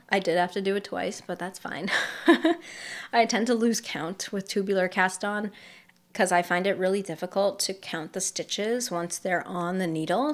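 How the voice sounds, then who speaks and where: A young woman with a mild Massachusetts accent, chatting casually as host of a knitting podcast while she shows her projects and laughs lightly. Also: medium pitch. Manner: chatty, laughs lightly, thinks aloud while showing work. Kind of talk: casual show-and-tell chat.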